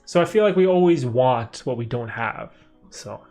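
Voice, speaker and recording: A man's voice: mid-range voice, lively intonation, moderate pace, a little mellow, soft background music. A young man from Canada hosting a casual live stream, answering viewer questions in a rambling way with many fillers and restarts.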